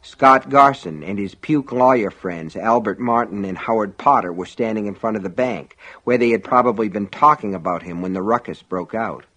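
A man reading an audiobook in a measured, dramatic storytelling manner. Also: lowish voice, pushed and bright. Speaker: audiobook narrator. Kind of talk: scripted audiobook narration.

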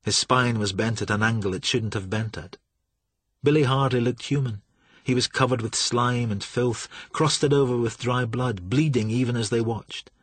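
Husky male audiobook narrator. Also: medium pitch, steady tone, moderate pace, a bit bright, dry recording.

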